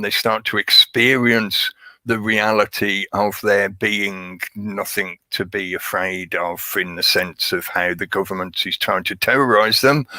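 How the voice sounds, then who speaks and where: A man runs a livestream, wandering through conspiracy talk, saying hello to his chat, and chuckling at his own humor. He has a lowish, bright voice with a forceful tone and no room sound.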